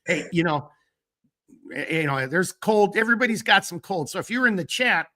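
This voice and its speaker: A man with a bright, forceful voice that sits a little high for a man hosts a live stream. He talks casually and rambles, leaning on fillers as he reads out shout-outs from the chat. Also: lively intonation, normal speed. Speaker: host of a live stream talk show.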